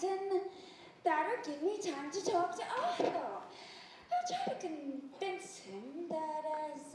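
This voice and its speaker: A woman in a community stage play playing Shelley, a friendly married neighbor who talks in a warm, chatty way and laughs easily. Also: extremely high pitch, slight background noise, exaggerated voice. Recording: echoey hall picked up from far off.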